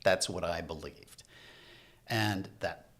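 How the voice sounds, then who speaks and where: A man's voice: sits low, takes it slowly, a bit bright. A man who is a podcast guest, telling a personal story in casual conversation and acting out his own past lines.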